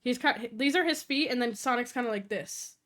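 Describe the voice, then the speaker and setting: A young woman streamer chatting casually on a live stream, telling stories quickly, swearing, and acting out quoted voices. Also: fairly high pitch, fairly bright tone.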